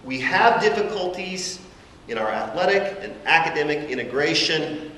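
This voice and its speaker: Male academic presenter, lecture delivery, deliberate and emphatic, echoey hall with faint room noise. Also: fairly high pitch, expressive, bright, forceful tone. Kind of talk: conference lecture.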